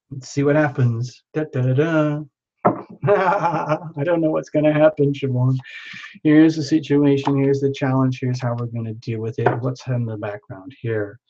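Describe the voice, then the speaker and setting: A man's voice: mid-range voice, mellow, highs cut off. A man hosting a live tarot reading, chatting and rambling as he reads out viewers' names.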